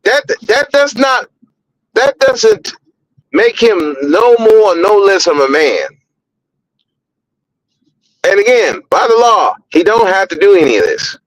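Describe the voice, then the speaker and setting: Blunt high-voiced man ranting on a podcast. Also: wildly swooping pitch, takes it slowly, pauses often, no room sound, low-quality recording. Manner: blunt, profane, repeats words when heated. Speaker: podcast host. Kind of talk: opinionated podcast commentary.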